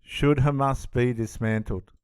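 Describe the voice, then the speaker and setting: A man's voice: medium pitch, steady tone, a little slow, darkish tone, clear, resonant tone. A man giving indignant, emphatic reaction commentary on a clip, often repeating himself.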